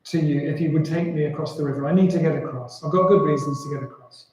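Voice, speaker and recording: A man's voice: a little high, fast, background noise, natural voice. A man voicing a wily male scorpion who pleads and makes coaxing promises. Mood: pleading. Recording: very echoey room.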